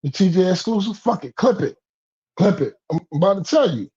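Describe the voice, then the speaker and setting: A man rants in a heated casual chat. His voice sits high and husky, with a mellow, dark tone. He rambles, repeats words and swears, pushing into loud bursts, all heard through a dull lo-fi stream recording. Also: animated, brisk. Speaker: guest on a talk stream.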